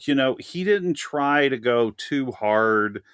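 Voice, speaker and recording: Lively, chatty man on a podcast. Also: mid-range voice, takes it slowly, smooth, no echo, studio quality. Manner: animated, chatty, laughs often. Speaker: podcast guest, film discussion. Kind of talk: casual podcast chat.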